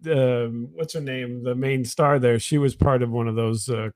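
A man's voice: medium pitch, fairly even intonation, dry recording. Joking man with a dry close sound. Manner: quick-witted, joking asides and questions. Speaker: podcast co-host. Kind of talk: casual chat.

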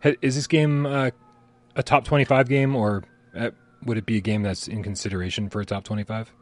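A man's voice: lowish voice, steady tone, fairly quick. A man co-hosting a live gaming stream, rambling and swearing casually, often laughing. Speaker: podcast co-host. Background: sirens outside.

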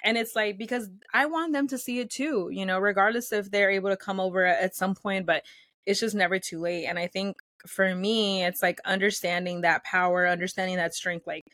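Woman guest, casual interview chat; lively, filler-heavy delivery, close dry mic. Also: mid-range voice, a little fast, no room sound. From United States, first-generation Salvadorian. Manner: animated, chatty, many fillers, acts out quotes.

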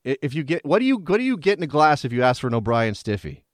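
A man's voice: on the high side, big pitch swings, quick pace, no echo, clean studio sound. A man in his forties hosting a casual sports podcast, rambling with restarts and laughing often. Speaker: podcast host.

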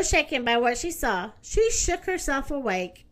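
A woman reading a children's story aloud, gentle, expressive and unhurried. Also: fairly high pitch.

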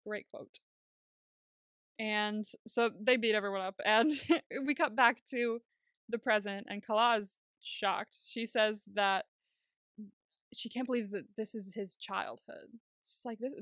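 A woman co-hosting a casual TV recap podcast, chatty and quick to swear and laugh. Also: mid-range voice, fairly even intonation, fairly bright tone, no echo, studio quality. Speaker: podcast co-host.

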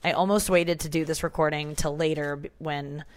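A woman's voice: deep voice, fairly even intonation, normal speed. A woman comedian hosting a casual podcast, chatty and rambling with lots of fillers, recorded on the go in the back room of a hair salon. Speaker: comedian and radio host. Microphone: portable setup recorded on the go, not a studio.

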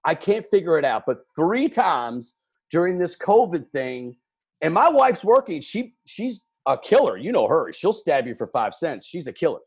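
A man with a Kentucky accent, a radio DJ talking as a guest on a video call, animated and self-deprecating, stammering through restarts. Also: on the high side, moderate pace, slightly rough. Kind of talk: casual video-call conversation.

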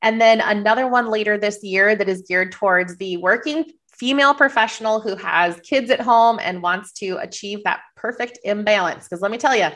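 A woman's voice: medium pitch, normal speed, few pauses, a bit bright. A woman from Minnesota with a light Minnesota accent and a slight cold, giving earnest, encouraging advice as a podcast guest. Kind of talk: casual interview answers.

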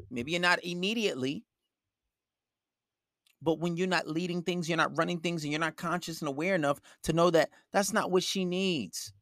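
A man's voice: a little high, fairly bright tone, no echo, studio quality. A man giving blunt, profane relationship advice in a lecturing monologue.

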